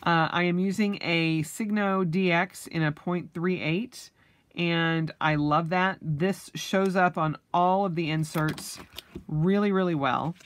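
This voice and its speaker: A woman's voice: fairly low pitch, steady tone, slow. A young adult woman chatting casually as a vlogger, full of ums and restarts, with the hiccups. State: has the hiccups. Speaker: planner vlogger. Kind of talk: casual flip-through chat.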